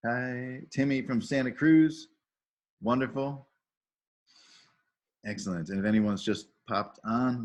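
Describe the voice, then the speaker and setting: A middle-aged man hosting a video call training, casually welcoming people and cheerfully reading out chat messages with praise. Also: medium pitch. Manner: enthusiastic, reads out chat messages with upbeat praise. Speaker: volunteer trainer and call host.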